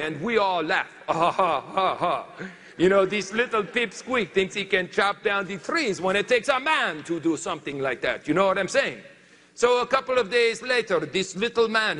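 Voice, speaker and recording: A man doing a slow French lumberjack. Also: sits high, pushed and bright, big-room sound, full character voice. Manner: halting broken English, searches for words. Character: boastful male French lumberjack, adult. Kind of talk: comic storytelling on stage.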